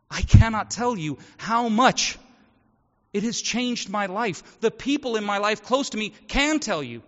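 A very high-pitched, sharp male voice preaches a sermon in a church. He speaks conversationally, voicing the people in his stories, and the recording sounds dull with hall echo.

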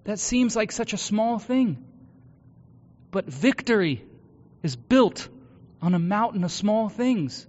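High-voiced preacher in an echoing hall. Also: male voice, animated, slow, long pauses. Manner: earnest, swings from hushed confession to loud exhortation. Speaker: pastor. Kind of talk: sermon. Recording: dull lo-fi sound with long hall reverb.

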